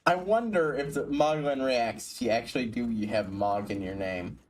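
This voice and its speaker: A man with a mid-range voice streams a video game at a normal speed, offering casual commentary while chatting, swearing often and stumbling over his words.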